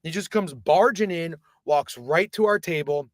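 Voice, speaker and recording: A man streaming live, telling a long rambling story in casual, profane, animated talk. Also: a little high, a little slow, dry recording, clean studio sound.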